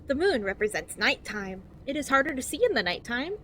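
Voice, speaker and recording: A woman's voice: high voice, big pitch swings, brisk, fairly bright tone, a little hiss or hum. A woman streamer reading game text aloud in a cheery infomercial-style voice and giggling often.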